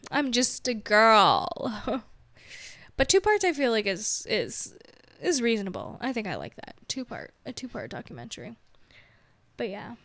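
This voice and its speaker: A woman's voice: on the high side, a bit bright, no room sound. A woman hosting her own podcast, chatting casually in a rambling, self-mocking way and laughing often. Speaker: podcast host. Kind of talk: casual solo chat.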